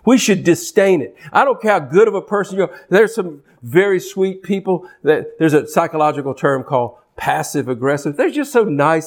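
Male preacher, high voice, fervent sermon delivery with repeated phrases and acted-out quotes. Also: animated, normal speed, hardly any pauses. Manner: impassioned, repeats and restarts phrases, acts out quoted speech.

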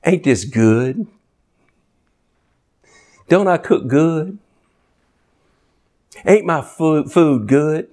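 A preacher voicing God, a coaxing host. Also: male voice, fairly high pitch, expressive, very slow, pauses often, darkish tone, voice pushed up. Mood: inviting. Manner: coaxing, homely invitations. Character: warm inviting God as a host.

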